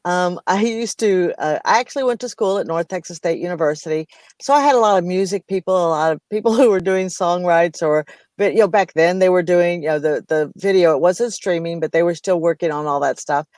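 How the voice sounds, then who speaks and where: A middle-aged American woman co-hosting a casual business chat, telling stories in an animated way, slipping into playful voices and laughing. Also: fairly low pitch, fairly quick, no echo. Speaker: co-host of a business talk show.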